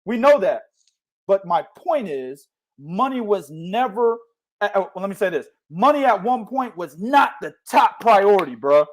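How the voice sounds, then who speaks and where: Young guy hosting boxing talk, high voice jumping all over, slangy and cussing, mumbles then yells. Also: normal speed. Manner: animated, loud, slangy, swings between mumbling and shouting. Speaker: host of a boxing talk show. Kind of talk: casual boxing chat with heavy profanity.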